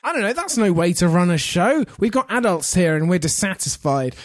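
A man's voice: sits high, very animated, a little fast. A man co-hosting a podcast, giving a casual, self-deprecating review of an episode. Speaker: podcast co-host.

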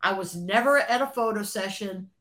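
A woman being interviewed, telling an animated story, laughing often and acting out what others said. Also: mid-range voice, moderate pace. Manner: animated, acts out quoted voices, laughs often. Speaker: interview guest, former record label creative executive.

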